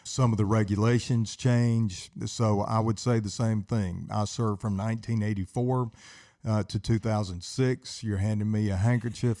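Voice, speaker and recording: Older veteran guest, sixties, mellow and earnest, speaks from the heart. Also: male voice, mid-range voice. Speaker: interview guest, Army veteran. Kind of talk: interview.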